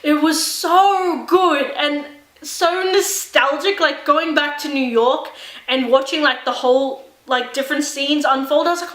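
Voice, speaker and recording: Gushing young woman with a bright, high voice. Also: fairly even intonation, roomy sound. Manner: gushing, fast filler-heavy chatter with lots of "like". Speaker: movie reviewer vlogger. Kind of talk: excited casual movie review.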